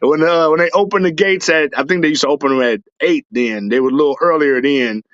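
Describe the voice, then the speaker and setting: A man telling long stories in casual, profane talk. He is animated and keeps breaking into shouts and laughs. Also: a little high, quick pace, no room sound, highs cut off. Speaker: podcast guest, superfan. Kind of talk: casual storytelling.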